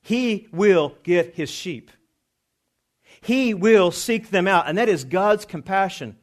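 A pastor preaching a sermon, reading scripture and driving points home, dropping low then rising with emphasis. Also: male voice, animated, slow pace. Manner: emphatic preaching with swings from quiet to raised.

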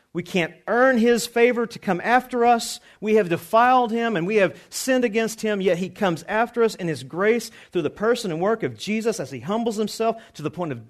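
High-voiced man preaching emphatically. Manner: emphatic preaching with swings from quiet to raised. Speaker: pastor. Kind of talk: sermon.

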